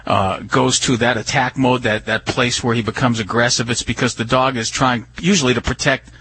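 A man on a radio talk show, explaining dog behavior and training in a calm, earnest way. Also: medium pitch, normal speed, breathy edge, no echo, poor audio. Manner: calm, earnest explaining with many "you know"s. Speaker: dog trainer answering listener questions.

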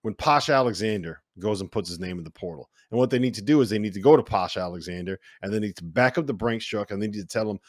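Low-voiced man hosting a sports chat. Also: fast talker, hardly any pauses, no echo, studio quality. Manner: laughs often, steers the conversation. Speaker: podcast host. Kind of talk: casual sports podcast chat.

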